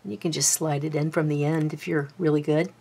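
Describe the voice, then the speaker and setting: A woman's voice: sits low, steady tone, fairly quick, dark tone, breathy edge. A woman giving a hands-on craft tutorial, chatty and self-deprecating, muttering to herself as she works. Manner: mutters and whispers to herself while working. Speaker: bookbinding crafter.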